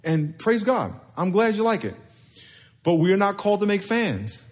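A pastor preaching a sermon in a church, talking in a playful, conversational way and leading the congregation in call-and-response. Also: male voice, high voice, very animated, normal speed. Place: church sanctuary.

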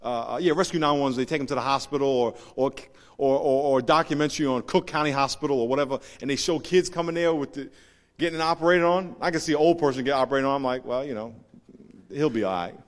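A man preaches a sermon in a large hall, and long reverb trails after his words. He moves between hushed, confiding stories and loud, emphatic points, now and then acting out what people said. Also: medium pitch, quick pace. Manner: storytelling with laughs and acted quotes. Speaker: pastor.

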